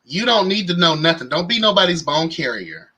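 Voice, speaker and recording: Young guy doing a sassy live recap, super bright voice, kinda high, talks to chat a lot. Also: fairly quick, slightly rough, rough recording. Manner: sassy, campy, animated with slang and exclamations. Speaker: reality show recap host. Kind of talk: casual live-stream commentary.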